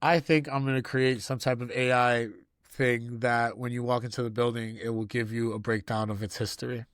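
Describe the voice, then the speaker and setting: A man co-hosting a podcast, talking in a relaxed, rambling, jokey way. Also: medium pitch, moderate pace, no echo, studio quality. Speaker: podcast co-host. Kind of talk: casual chat.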